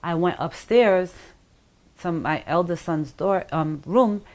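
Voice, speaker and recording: A middle-aged woman telling her own story in an interview, halting and pausing, acting out the voices of others as she goes. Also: fairly low pitch, a little mellow. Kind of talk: emotional personal account.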